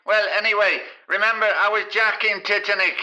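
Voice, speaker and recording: A bright, high, cheeky film star with a put-on Irish brogue, played by a man. He blusters and swears in good humour on a comedy phone call, his voice sitting well above an everyday man's. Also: fairly even intonation, brisk.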